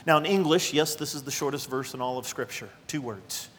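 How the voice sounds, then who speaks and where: A man's voice: mid-range voice, a little fast, a bit bright, big-room sound, a little hiss or hum. A male pastor preaching a sermon in a conversational, emphatic way, speaking straight to his congregation.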